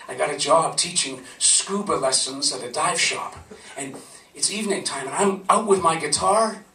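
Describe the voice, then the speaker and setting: A man's voice: fairly high pitch, sharp tone. A man telling a personal story to a live audience in a conversational, laughing manner. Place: live event venue. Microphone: camcorder from a distance. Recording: roomy, from far off.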